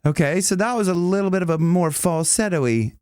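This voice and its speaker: A man's voice: sits high, a little fast, darkish tone, smooth, no room sound. A male vocal coach explaining singing technique in a casual, enthusiastic, rambling way. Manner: enthusiastic, rambling, with many restarts and sung demonstrations.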